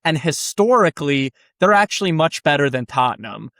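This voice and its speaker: An earnest young man with a slightly high voice talks in a casual and chatty way, pressing his point. The recording is close and dry. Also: lively intonation, brisk, a bit bright, no echo. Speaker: co-host pitching a football club. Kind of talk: casual comedic chat.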